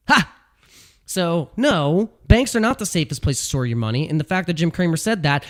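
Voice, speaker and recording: A man giving casual commentary as a video host, animated and ranting, repeating phrases and laughing at his own jokes. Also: fairly high pitch, moderate pace. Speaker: crypto YouTuber. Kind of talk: casual talking-head commentary.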